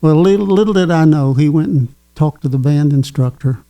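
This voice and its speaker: With a warm voice on the high side, this Kentucky man in his 80s chuckles through casual stories as a guest. His delivery is folksy and halting, with plenty of fillers.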